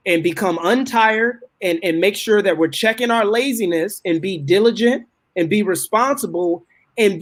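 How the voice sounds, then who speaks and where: A man co-hosting a talk show, cutting in with hold on and lecturing his view with many repeats. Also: high voice. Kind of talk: heated casual debate.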